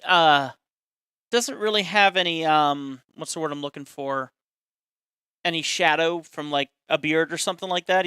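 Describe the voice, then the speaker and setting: A man's voice: on the high side, pushed and bright, smooth, no room sound, studio quality. A man casually chatting on a live stream while demonstrating a caricature drawing step by step, self-deprecating and talkative.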